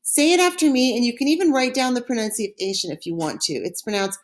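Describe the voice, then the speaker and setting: A woman teaching a recorded French lesson, modeling words slowly and clearly for listeners to repeat after her. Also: on the high side, lively intonation.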